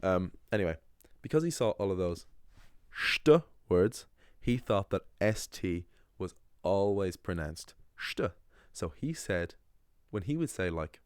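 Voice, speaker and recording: A young Irishman hosts a language channel, rambling casually to camera in a talking-head monologue full of fillers and restarts. His voice is low and animated, a little slow, with a clean tone. The studio-quality recording has no room sound.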